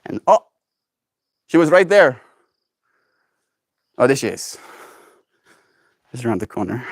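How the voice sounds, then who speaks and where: A man hosting a daily livestream. He rambles casually and playfully, and slips into high baby talk with his pets. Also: lively intonation, normal speed, pauses often, no echo, studio quality.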